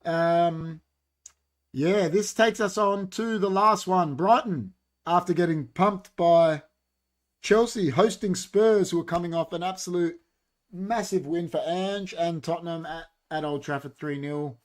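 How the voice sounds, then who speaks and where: A young Australian man co-hosting a casual football chat on a livestream, animated and quick to jump in, reading out viewer comments. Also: sits high. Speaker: podcast co-host.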